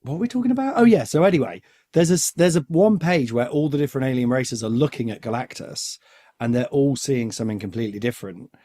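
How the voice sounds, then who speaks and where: A man's voice: medium pitch, animated, quick pace, dark tone. A man hosts a podcast in easy, rambling chat. He jokes as he goes, with a voice sitting in the middle of the male range. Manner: rambling, chatty and joking. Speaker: podcast host. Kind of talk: casual chat.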